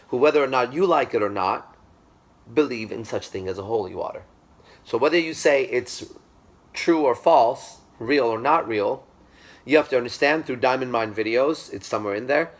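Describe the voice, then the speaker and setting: A man giving a classroom lecture, speaking with emphasis, repeating himself and checking that the class agrees. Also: mid-range voice.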